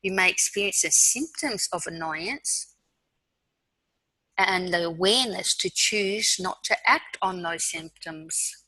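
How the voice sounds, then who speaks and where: Calm Australian woman guiding mindfulness. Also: fairly low pitch, no echo, rough recording. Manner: calm, slow guiding with soft pauses. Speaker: mindfulness speaker. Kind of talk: guided mindfulness talk.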